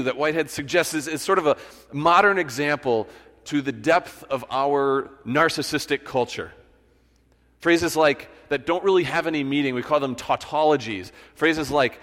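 Speaking at a moderate pace in a mid-range, fairly bright voice, a man pastors his congregation through a sermon told as a relaxed story. He frequently starts phrases over, and the church sanctuary gives the recording a hall-like reverb.

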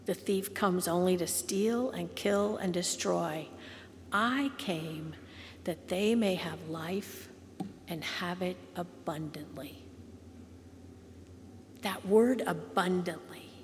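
A woman pastor preaching a sermon slowly and gently, sometimes softening to a near whisper. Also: fairly low pitch, in a large hall, a little hiss or hum. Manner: slow, gentle, drops to soft whispers on quoted lines.

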